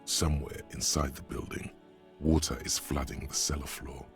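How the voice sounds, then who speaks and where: An actor voicing a brooding, ominous narrator in a video game, speaking in a slow, solemn, descriptive way with a deep, gravelly voice. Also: male voice, level tone. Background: faint game music.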